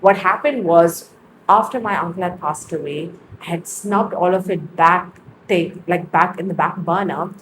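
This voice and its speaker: A young adult woman, an interview guest, telling her personal faith testimony in an earnest, reflective storytelling manner with lively bursts. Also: fairly low pitch, moderate pace, noisy background.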